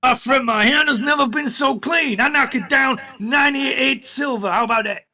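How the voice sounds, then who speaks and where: A man's voice: very high voice, moderate pace, sharp tone, voice pushed up, heavily acted. A man putting on a pushy goblin trader. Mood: haggling. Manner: pushy, wheedling sales patter. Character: greedy haggling male goblin market trader.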